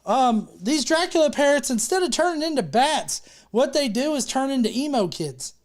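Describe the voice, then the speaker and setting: A woman's voice: high voice, big pitch swings, moderate pace, a little mellow, slight background noise. A woman chatting on a casual livestream, rambling through a silly made-up story while joking and swearing freely. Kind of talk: casual, profane livestream banter.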